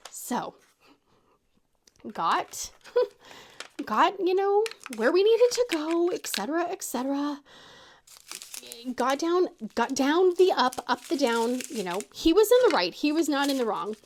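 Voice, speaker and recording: A woman chats through a story in a lively, swooping voice that sits a little high, laughing often and jumping up in pitch when she quotes someone. She talks like a friendly craft-channel host. Faint crinkling of packaging sits behind her. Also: takes it slowly, pauses often, a little hiss or hum. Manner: animated, laughing, quoting others in a raised voice. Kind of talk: casual storytelling chat.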